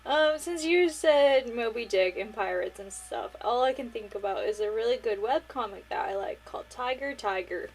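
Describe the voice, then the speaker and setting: A woman's voice: fairly high pitch, animated, moderate pace, hardly any pauses, rough recording. A woman co-hosting a casual book club podcast, laid-back, with short reactions and mild swearing. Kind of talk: casual chat.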